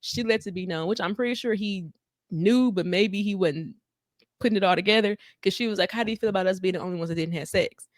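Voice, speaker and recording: Animated storytelling woman, dry close voice. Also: medium pitch, fast talker, no echo. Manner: animated storytelling, acts out voices of people she quotes. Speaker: podcast co-host. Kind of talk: casual chat recapping a reality show.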